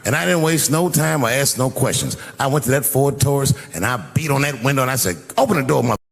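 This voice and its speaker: A middle-aged man telling a profane, animated story as a stand-up comedian. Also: medium pitch, quick pace. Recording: live venue with long reverb.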